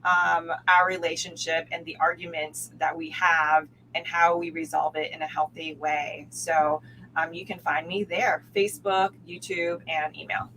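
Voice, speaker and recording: A woman's voice: low voice, little pitch movement, measured pace, sharp tone, a little hiss or hum, poor audio. A woman guest coach on a video call, upbeat and friendly while she signs off. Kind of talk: casual sign-off chat.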